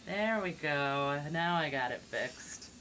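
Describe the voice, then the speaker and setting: A woman's voice: deep voice, fairly bright tone, a little hiss or hum. A woman streaming while painting miniatures, chatting casually and rambling with fillers. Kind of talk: casual chat.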